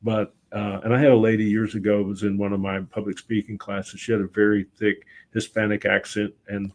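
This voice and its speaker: A middle-aged man, a guest on a talk show, telling lively anecdotes in a relaxed conversational way and often quoting himself. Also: lowish voice, brisk. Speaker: guest, voice-over and public speaking teacher. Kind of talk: casual conversational storytelling.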